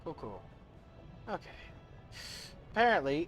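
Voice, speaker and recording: A man's voice: fairly high pitch, lively intonation, normal speed, soft background music. Rambling young man streaming a game. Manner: rambling, self-deprecating, talks to chat. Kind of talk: casual gameplay commentary. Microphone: studio desk mic.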